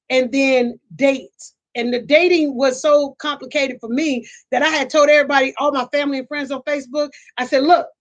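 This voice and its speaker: A middle-aged woman hosting a casual chat, telling animated stories, laughing often, and repeating and restarting her phrases. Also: high voice, muffled recording. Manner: animated storytelling, laughs often, acts out quotes. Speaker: host.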